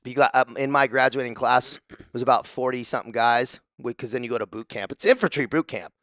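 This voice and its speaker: Gravelly man telling profane stories. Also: mid-range voice, fast, no room sound. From San Diego, United States. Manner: profane, animated storytelling with acted-out quotes. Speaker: guest, former special forces soldier. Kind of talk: casual podcast interview.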